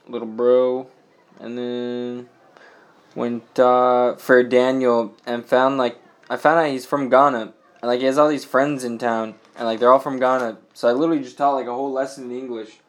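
A man's voice: mid-range voice, level tone, measured pace, smooth. A young man, a missionary, telling a rambling casual story with lots of filler words and frequent laughter. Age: young adult.

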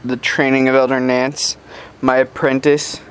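A man's voice: medium pitch, level tone, measured pace, a little hiss or hum. Young man in his twenties, missionary, chatty and upbeat, full of fillers. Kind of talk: casual video update.

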